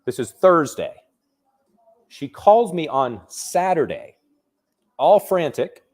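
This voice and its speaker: A real estate investor recounting a personal story in a casual, conversational way, full of restarts and fillers. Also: male voice, fairly high pitch, big pitch swings, slow, darkish tone.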